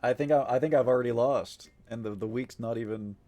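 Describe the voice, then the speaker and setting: A man's voice: mid-range voice, fairly quick, warm tone, soft background music. A man streaming live, chatting casually with viewers in a rambling way, full of fillers, frequent swearing and easy laughs. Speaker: livestreamer.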